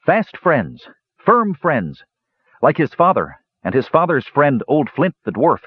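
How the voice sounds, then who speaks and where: A man's voice: fairly high pitch, big pitch swings, takes it slowly, husky, no echo, phone-quality sound, pitched above the performer's own voice, full character voice. A man voicing an earnest young male mage in a storybook reading.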